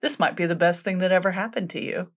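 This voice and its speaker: A woman voicing an old magical hen wife who is a calm, breezy seer in a retold folktale. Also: on the low side, fast. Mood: reassuring.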